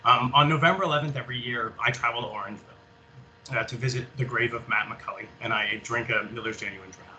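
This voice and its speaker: A soldier from Canada giving a halting, earnest talk and reading a prepared speech about remembrance. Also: male voice, mid-range voice, bright, forceful tone, a little hiss or hum, low-quality recording. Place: public library event room.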